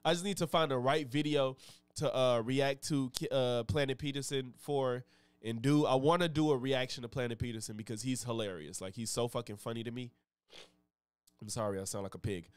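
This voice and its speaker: Smooth-voiced profane streamer man. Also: medium pitch, steady tone, fairly quick, dry recording. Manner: loose, profane, rambling. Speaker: live streamer, host. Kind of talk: casual live-stream reaction chat.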